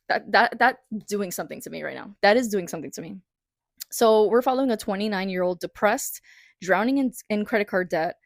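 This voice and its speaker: A woman's voice: mid-range voice, normal speed, creaky, no room sound, studio quality. A young woman vlogger chatting casually about books, retelling stories with dramatic quoted reactions. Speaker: book vlogger. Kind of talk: casual chat.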